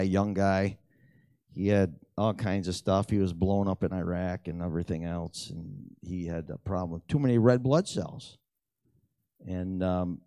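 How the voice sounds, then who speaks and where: A middle-aged man telling prayer stories in a lively, animated way, acting out the dialogue. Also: no room sound, clean studio sound. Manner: animated storyteller who acts out dialogue with big pitch jumps. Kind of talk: storytelling testimony talk.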